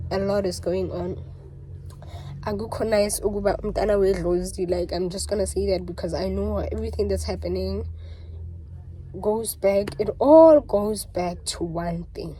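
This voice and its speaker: Young South African woman, confessional vlog, warm mellow voice, faint room noise. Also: medium pitch, rough recording. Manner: emotional, mixes languages mid-sentence, repeats herself. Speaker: vlogger.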